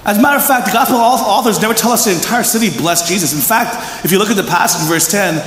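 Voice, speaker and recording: Man, pastor, high voice, chatty sermon, questions to the crowd, roomy echo, faint background noise. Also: fast. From Philadelphia, USA. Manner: animated, chatty, asks the audience questions. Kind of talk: conversational sermon. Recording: echoey hall reverb, faint room noise.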